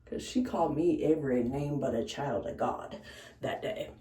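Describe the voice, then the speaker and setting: A woman bartender casually telling stories while doing her makeup, blunt and animated, swearing freely. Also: rumbling low, moderate pace, distant mic. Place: room in a house. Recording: echoey room, away from the mic, faint noise.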